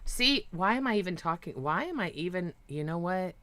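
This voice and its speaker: A woman co-hosting a livestream in casual chat, a little tipsy from an edible, profane and rambling, and she sometimes flares into shouting. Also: on the low side, animated, moderate pace, no room sound. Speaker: livestream co-host.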